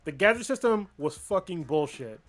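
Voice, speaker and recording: A man's voice: high-pitched, big pitch swings, moderate pace, faint music behind. A young adult man co-hosting a podcast in casual chat, blunt and swearing freely as he gives his opinions. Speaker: podcast co-host.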